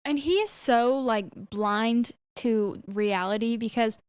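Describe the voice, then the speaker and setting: A woman's voice: on the high side, takes it slowly, clean tone, no room sound. A woman co-hosting a book podcast, chiming in with brief wry comments during casual chat. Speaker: podcast co-host.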